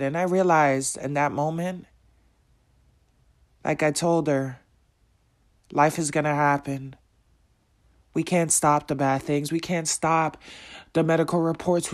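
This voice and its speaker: A man speaking as a motivational speaker, preaching in a slow, emphatic way with repeated rhetorical questions. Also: fairly high pitch. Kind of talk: motivational monologue.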